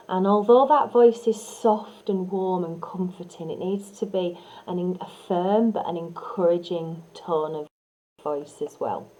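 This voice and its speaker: A woman teaching hypnotherapy technique in a calm, soothing way, sometimes dropping to soft whispers to demonstrate. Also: lowish voice, measured pace, rough recording. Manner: frequent fillers and restarts. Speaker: hypnotherapy trainer. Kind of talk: instructional teaching talk.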